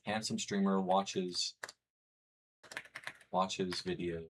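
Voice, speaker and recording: Young guy streamer rambling to chat, kinda low voice, casual. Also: fairly even intonation, drawn-out words, a bit bright, slight background noise. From United States. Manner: chatty, rambling, reads chat aloud.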